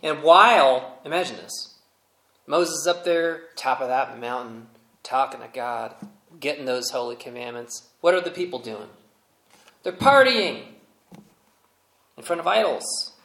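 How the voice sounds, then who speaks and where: A male pastor preaching a sermon, telling the story in a relaxed, humorous, conversational way. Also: mid-range voice, unhurried, gravelly, pauses often, reverberant, low-quality recording.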